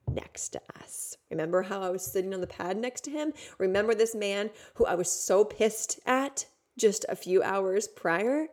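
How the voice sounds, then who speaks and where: Swearing frequently, this woman opens up on her podcast about something personal, retelling it candidly and with real emotion. Her pitch is medium and her tone slightly mellow.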